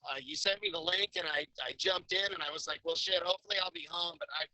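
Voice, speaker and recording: A laid-back man talks on a live show from his car. His voice is very bright and a little high, with a dry close sound. A glitchy connection gives it a robotic edge. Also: steady tone, fast talker, no echo, rough recording. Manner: laid-back, joking, repeats words at starts. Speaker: guest. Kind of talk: casual chat. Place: in a vehicle on a weak connection.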